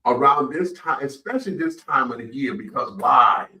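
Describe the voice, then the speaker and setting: A man's voice: mid-range voice, lively intonation, moderate pace, bright, forceful tone, echoey room, distant mic, rough recording. A man hosting a casual radio talk show, speaking emphatically and repeating himself. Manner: emphatic, repetitive, says "child" often.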